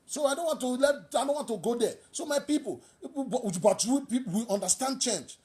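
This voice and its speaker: A talk show host with a Nigerian accent delivers fiery political commentary, posing rhetorical questions and repeating phrases for emphasis. The voice is medium-pitched with a darkish tone.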